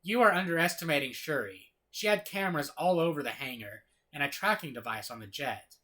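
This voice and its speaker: A man's voice: a little high, lively intonation, a little fast, pushed and bright, pitched above the performer's own voice. A man reading a brash, defensive adult male superhero's lines aloud in a slightly raised voice. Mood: indignant.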